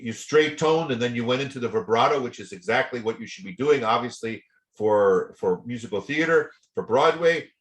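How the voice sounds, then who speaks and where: A man teaching a voice lesson, giving chatty feedback full of repeated words and small sung and spoken demonstrations. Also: medium pitch. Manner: chatty, repeats words, demonstrates by singing and speaking softly and loudly. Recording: roomy echo.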